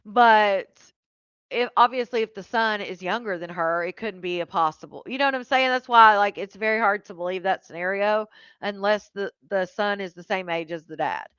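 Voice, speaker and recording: Bright, emphatic woman, dry mic. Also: mid-range voice, normal speed, clear, resonant tone, dry recording. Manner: emphatic, explains matter-of-factly. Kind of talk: casual chat. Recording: dry, slightly dull mic.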